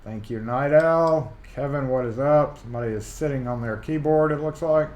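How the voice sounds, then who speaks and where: A man's voice: medium pitch, normal speed, highs cut off. A Southern man hosts a laid-back live-stream chat, rambling from one thought to the next and greeting viewers by name. His mid-range voice rings a little in a roomy space. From Mississippi, USA. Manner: chatty, rambling, reads chat comments aloud. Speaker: livestream host. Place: home workshop. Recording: roomy echo.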